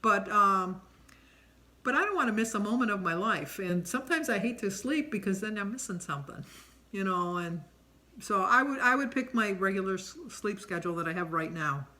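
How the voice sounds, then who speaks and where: A woman's voice: medium pitch, expressive, normal speed, pushed and bright. Chatty middle-aged woman rambling on camera. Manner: chatty and rambling, many ums. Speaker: vlogger answering a tag questionnaire. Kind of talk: casual chat.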